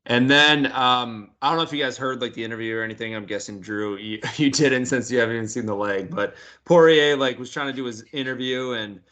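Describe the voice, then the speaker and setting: A man's voice: medium pitch, brisk, hardly any pauses, bright, forceful tone. A man hosting a podcast in casual chat, talking loosely with plenty of swearing and laughter. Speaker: podcast host.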